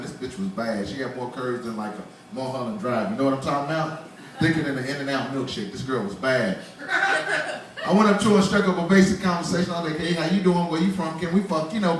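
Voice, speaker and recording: Man in his forties, stand-up comic, fairly high voice, very roomy bar sound, heard from a distance. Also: slight background noise. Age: 40s. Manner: loose, conversational, laughing at his own jokes. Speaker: stand-up comedian. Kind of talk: stand-up comedy set. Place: small bar.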